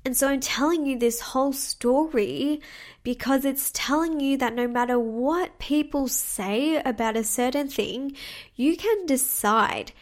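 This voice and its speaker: A woman's voice: high-pitched, a little slow. Bubbly young woman podcast host. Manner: bubbly and chatty, laughs often, addresses listeners as girls. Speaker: podcast host and manifestation coach. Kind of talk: solo podcast storytelling.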